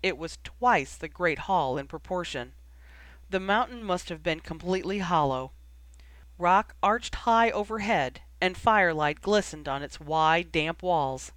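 A man reading a fan fiction story aloud as audiobook narration, with steady storytelling. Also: high-pitched, unhurried, no room sound. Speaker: audiobook reader.

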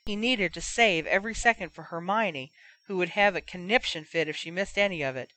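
A woman narrating a fan fiction audiobook in a steady storytelling manner. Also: lowish voice, fairly quick.

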